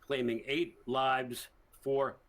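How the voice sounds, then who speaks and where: A man, a criminology professor, answering interview questions in a measured, explanatory way and stressing the statistics. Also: mid-range voice, level tone, fairly bright tone, poor audio. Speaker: criminology professor, guest expert. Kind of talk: remote TV news interview.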